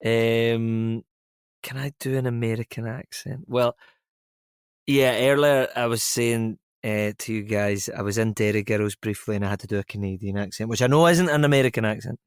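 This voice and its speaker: A young Scottish actor chats casually as an interview guest, poking fun at himself, laughing often and drifting into rambling asides. His medium-pitched voice is clear and resonant at a normal speed, recorded with clean studio sound and no room echo.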